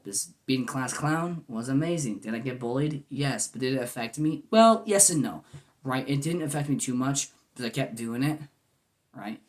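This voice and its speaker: A man in his twenties talking to camera in a goofy yet earnest, rambling way, full of "man" and "you know". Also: medium pitch. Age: 20s. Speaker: vlogger. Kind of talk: casual heartfelt monologue.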